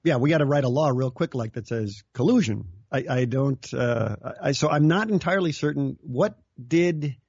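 Joking man on talk radio, husky voice. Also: medium pitch, animated, normal speed, hardly any pauses, darkish tone, no room sound, muffled recording. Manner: joking, laughs often, acts out quoted voices. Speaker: guest commentator. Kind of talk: casual political radio chat.

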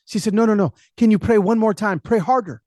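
A man voicing a frail, tearful very old churchwoman, pleading slowly. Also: high voice, a little mellow, no room sound, studio quality, voice pushed up, natural voice. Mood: insistent.

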